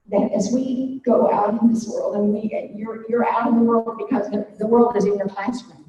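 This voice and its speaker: An older woman giving an earnest, halting devotional talk to a room of faculty, growing emotional as she speaks. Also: mid-range voice, dark tone, slight background noise. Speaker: speaker at a faculty development day. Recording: distant, muffled hall recording.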